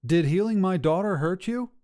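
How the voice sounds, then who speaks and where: A man's voice: high-pitched, expressive, moderate pace, dark tone, pitched above the performer's own voice. Man voicing a worried gargoyle roofer. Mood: earnest. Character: worried male gargoyle roofer, earnest and loyal.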